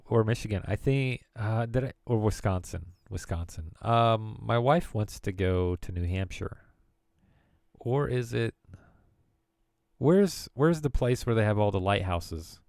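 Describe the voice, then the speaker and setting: Gravelly-voiced male streamer riffing jokily. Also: lowish voice, measured pace, a little mellow, no echo, studio quality. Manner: rambling and jokey, riffing on words. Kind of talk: casual live-stream chat.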